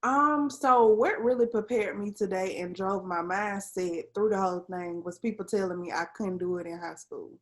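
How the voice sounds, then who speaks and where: Young woman guest in a chill interview, earnest, lots of ums and likes, middle pitch. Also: moderate pace, few pauses. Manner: earnest storytelling with frequent "um" and "like". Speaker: interview guest, civil engineer. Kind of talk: casual conversational interview.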